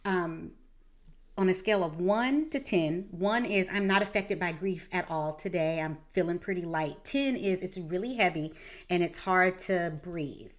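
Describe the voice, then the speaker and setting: A woman in her thirties hosting a podcast, talking in an earnest, reflective way with frequent fillers and pauses. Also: fairly low pitch. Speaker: podcast host. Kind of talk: heartfelt conversational interview.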